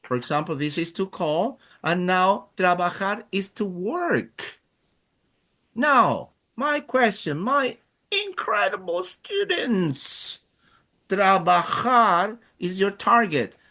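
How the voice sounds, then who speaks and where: A man's voice: high voice, big pitch swings, slow, pushed and bright. A man teaching a live Spanish class, drilling students by counting in and praising each answer.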